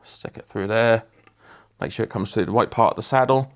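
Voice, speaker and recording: A man's voice: fairly low pitch, fairly quick. A man hosting a casual livestream, chatting and teasing viewers while he works on a guitar. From Lincolnshire, England. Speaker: livestream host.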